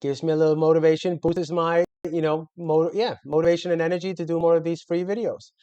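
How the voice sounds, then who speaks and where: A man's voice: fairly high pitch, little pitch movement, fast talker, dark tone, clean tone, highs cut off. A man coaching on sales in a loose, conversational way, full of fillers and self-corrections. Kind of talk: casual instructional talk to camera.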